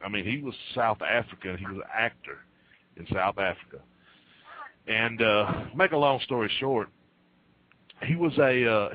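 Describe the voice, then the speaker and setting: A male guest on a radio roundtable telling a story in a casual, laid-back way, pausing often on "uh". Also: lowish voice. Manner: laid-back, many "uh" pauses. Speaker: guest wrestler. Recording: dull lo-fi line.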